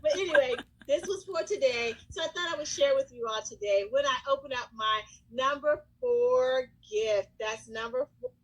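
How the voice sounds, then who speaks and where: A middle-aged woman, a school counselor, casually telling a lively story to the camera. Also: high voice, moderate pace, hardly any pauses, slight background noise, rough recording. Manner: animated, lively storyteller who breaks into excited shouts and acts out quotes.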